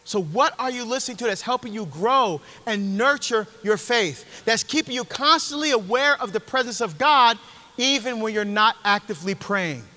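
A man's voice: very high-pitched, lively intonation, moderate pace, pushed and bright. A middle-aged man preaching a conversational, emphatic Catholic sermon, speaking directly to his listeners in a church. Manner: emphatic, direct, talks straight to the audience. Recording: long hall reverb.

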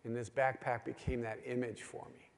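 A man's voice: medium pitch, little pitch movement, brisk. A middle-aged man preaching to a gathering of men, telling stories with earnest emphasis. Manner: earnest storytelling with rising, pleading emphasis. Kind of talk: sermon to a men's gathering. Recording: long hall reverb.

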